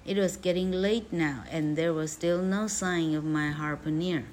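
A woman reading a classic story aloud and translating it as an English teacher, in a lively, chatty way. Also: lowish voice, unhurried, a little hiss or hum. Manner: lively, chatty, self-correcting.

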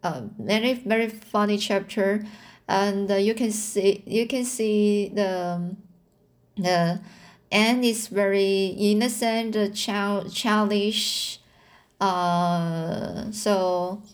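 A woman reading a novel aloud and commenting on it, slow and halting, with frequent restarts and fillers. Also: medium pitch, steady tone. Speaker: reader.

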